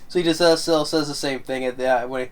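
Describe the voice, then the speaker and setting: A man giving a casual, rambling film commentary, halting and stumbling over his words. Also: medium pitch, steady tone. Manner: rambling, halting, laughs often. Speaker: fan commentator.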